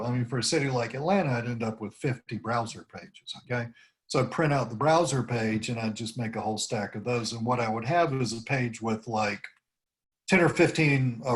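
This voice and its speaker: A man leading an informal team meeting over a video call, rambling through tips and acting out sample phrases. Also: mid-range voice. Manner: rambling, demonstrates phrases with rising intonation. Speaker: team leader coaching cold calls.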